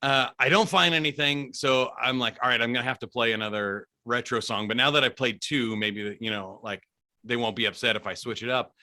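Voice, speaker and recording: A man chats as a podcast guest, telling long stories from his days as a DJ. He talks in an animated way and laughs often. His voice is very bright and forceful, with an ordinary pitch. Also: brisk. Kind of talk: casual storytelling interview.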